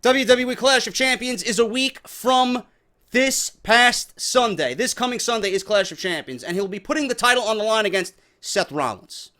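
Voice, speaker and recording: High-voiced man ranting profanely. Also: lively intonation, moderate pace, pushed and bright. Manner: profane, sarcastic, heated ranting. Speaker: wrestling news commentator. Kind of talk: ranting news commentary.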